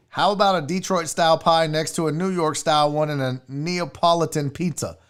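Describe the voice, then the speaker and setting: A man's voice: sits high, a bit bright. A young man hosting a show, ranting casually about food with rowdy, profane, mock-angry outbursts. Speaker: sports show host. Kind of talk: casual livestream rant.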